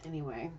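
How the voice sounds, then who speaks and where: A woman with a notably low voice gives a loose, chatty spiritual reading to camera from home. She rambles and laughs freely throughout. The recording is a bit muffled, with faint background hiss. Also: mellow. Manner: giggly, rambling, laughs often. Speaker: tarot reader. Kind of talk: casual spiritual reading vlog.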